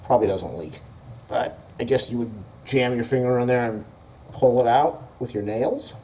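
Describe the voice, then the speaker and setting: Man with a mellow, rambling delivery, casual home review, caught by a distant camera in a roomy space. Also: mid-range voice, animated, normal speed, a little hiss or hum. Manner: rambling, joking, thinks aloud. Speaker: product reviewer. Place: home, corner by the front door.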